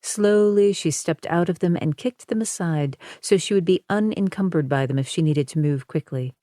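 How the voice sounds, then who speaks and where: A woman narrates an audiobook with a low, slow and measured voice. Her tone is dark and mellow, and the dry studio sound has no room echo. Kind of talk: scripted narration.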